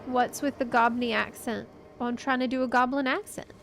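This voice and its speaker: A woman streamer chatting casually and reacting out loud while she plays a video game. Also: a little high, steady tone, a little fast, gravelly, slight background noise. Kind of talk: casual gameplay commentary.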